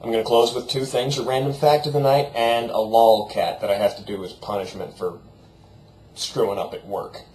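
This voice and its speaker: A man's voice: deep voice, a little mellow. A young man vlogging from his room at the computer, chatting in a jokey, rambling, off-the-cuff way. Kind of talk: rambling casual vlog. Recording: roomy echo, faint background noise.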